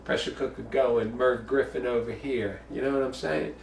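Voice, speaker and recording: A man's voice: mid-range voice, fairly even intonation, normal speed, creaky, reverberant, recorded from a distance, slight background noise. A man from the Bronx, hosting a casual home cooking show, chatty and jokey with bawdy asides. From the Bronx, New York.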